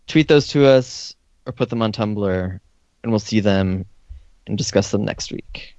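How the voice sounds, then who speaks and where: A man's voice: lowish voice, unhurried, darkish tone, dry recording. A man co-hosting a casual podcast chat in a playful way, putting questions to the group. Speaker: podcast co-host. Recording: dull dry podcast audio.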